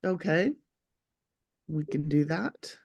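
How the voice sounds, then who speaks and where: A woman with a cold, sounding congested, chairing a remote public meeting over a video call in a brisk, procedural way. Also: sits low, lively intonation, vocal fry, darkish tone, dry recording, highs cut off.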